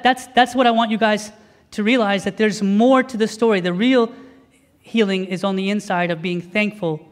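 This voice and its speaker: A man, a priest, giving a sermon and telling a story with lively acted-out dialogue. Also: high voice, in a large hall. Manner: animated storytelling, acting out dialogue.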